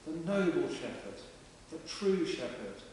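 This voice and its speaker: Picked up from afar by a camera mic, with hiss and echo, a vicar delivers a chatty, plain-spoken sermon in a large stone parish church. His voice is slightly high and darkish, sing-song, and a little slow.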